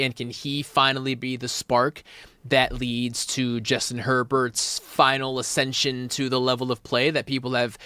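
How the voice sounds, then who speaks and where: A man co-hosting sports radio, laying out a measured, analytical take at a studio mic. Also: mid-range voice, bright, forceful tone, no room sound. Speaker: radio show co-host. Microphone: studio microphone.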